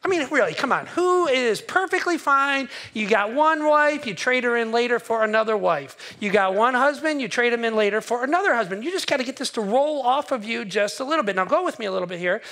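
A pastor voicing a sarcastic preacher persona who mockingly gives bad advice with exaggerated, higher, louder delivery. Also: male voice, lively intonation, moderate pace. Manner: sarcastic, exaggerated, mock-encouraging.

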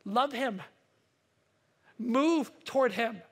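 A man preaching a sermon as a pastor. He builds up to emphatic, forceful peaks and drops to quiet asides, and he often repeats a word when he restarts a sentence. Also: very high-pitched, extremely slow, slightly rough.

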